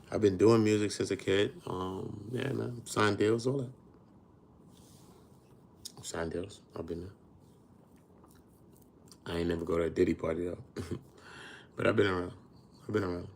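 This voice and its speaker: A man's voice: fairly low pitch, moderate pace, gravelly, long pauses, darkish tone, a little hiss or hum. A man hosting a casual livestream, talking in a blunt, boastful way full of street slang. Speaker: livestream host.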